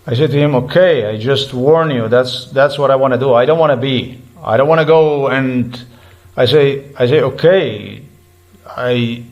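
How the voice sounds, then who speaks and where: A man's voice: mid-range voice, moderate pace, a little mellow, muffled recording. A man giving an agitated personal account, talking in repetitive restarts and swearing when heated. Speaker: vlogger recounting a roadside dispute.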